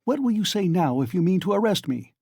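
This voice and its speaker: Male narrator doing an enraged young student, shouting, pitched up, dry close sound. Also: very animated, brisk, gravelly, no room sound, full character voice. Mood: furious. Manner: furious, shouting and demanding. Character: angry young male student, proud and desperate.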